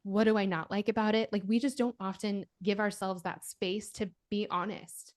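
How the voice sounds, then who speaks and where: A woman's voice: medium pitch, normal speed. A woman, an author, on a podcast as a guest, talking casually and with energy while she walks through advice step by step. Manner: energetic, lays out steps, many fillers like "like".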